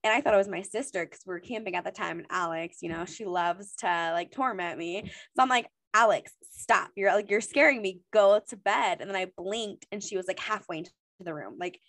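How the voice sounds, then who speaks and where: A woman's voice: lowish voice, fairly quick, a bit bright, no echo. A young adult woman telling a story casually over a video call, with lots of fillers and sudden rises at the tense moments. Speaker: guest storyteller.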